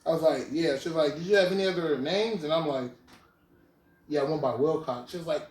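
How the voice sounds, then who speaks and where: Young man, podcast host, slangy animated storytelling, higher voice, roomy sound, distant mic. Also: fairly quick. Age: 20s. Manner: slangy, animated retelling, keeps saying "you feel me". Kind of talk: casual storytelling chat.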